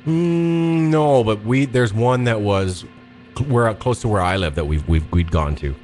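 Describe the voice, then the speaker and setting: A man's voice: lowish voice, unhurried, darkish tone, faint music behind. A middle-aged man co-hosting a podcast over Skype, chatting casually, rambling and laughing often. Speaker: podcast co-host. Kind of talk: casual chat. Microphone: talking over Skype.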